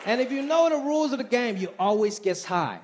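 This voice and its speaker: A man doing a stand-up comedy routine, animated and acting out his mother's voice. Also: extremely high pitch, a little fast. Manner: animated, acts out his mom's voice. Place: comedy stage before a live audience. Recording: live club with crowd and noise.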